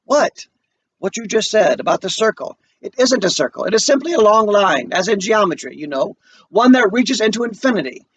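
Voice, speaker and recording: Man reading as calm philosophical young African man. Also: high-pitched, normal speed, recorded from a distance, dull audio, slight background noise. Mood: reflective.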